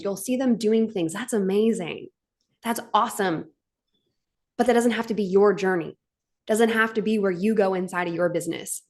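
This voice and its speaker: Woman, live-stream host, heartfelt and gushing, everyday pitch, webcam sound. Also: a little mellow. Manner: gushing and heartfelt, tearing up at times, fillers like "like". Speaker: host of a live stream for her business community. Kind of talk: emotional motivational live stream.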